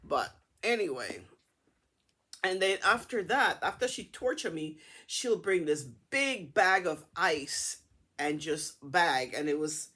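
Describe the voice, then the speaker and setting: A middle-aged woman casually telling a personal story to her camera in a chatty, animated way. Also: fairly low pitch, takes it slowly, breathy edge. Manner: chatty, animated retelling with acted-out dialogue. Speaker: vlogger.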